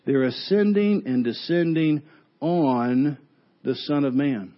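A male pastor preaching a sermon, telling the story with lively quoted voices and dropping low and quiet to stress key words. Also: slow, highs cut off.

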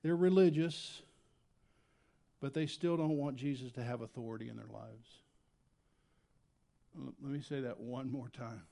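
A man preaching a sermon as pastor, swinging between loud emphatic lines and quiet, low asides. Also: fairly even intonation, normal speed, gravelly, long pauses. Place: church sanctuary.

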